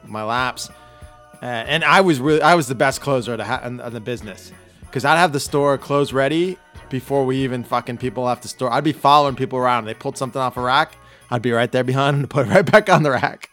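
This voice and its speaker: A man's voice: mid-range voice, brisk, fairly bright tone, faint music behind. A man hosting a casual podcast chat, rambling and self-deprecating, laughing often. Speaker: podcast host.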